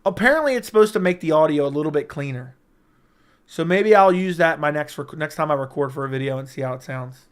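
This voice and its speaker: A young man hosting a casual livestream from a room at home, talking close into a studio mic, joking and crude, with sudden loud bursts. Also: fairly high pitch, fast, smooth. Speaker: livestream host. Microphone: close studio mic with audio interface.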